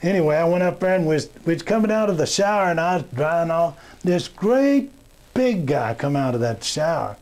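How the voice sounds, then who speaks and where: Man, comic storyteller, homespun and rambling, pitched a bit high. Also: animated, darkish tone. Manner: folksy, meandering, plain-spoken with many pauses. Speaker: comedian. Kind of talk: rambling joke telling to camera. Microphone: webcam or camera in front.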